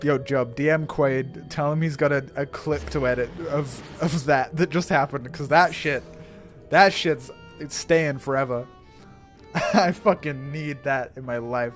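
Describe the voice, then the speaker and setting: A man streaming a game, chatting excitedly and swearing as he reacts. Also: medium pitch, measured pace, faint music behind. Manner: excitable, swearing, laughing often. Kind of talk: casual live-stream commentary.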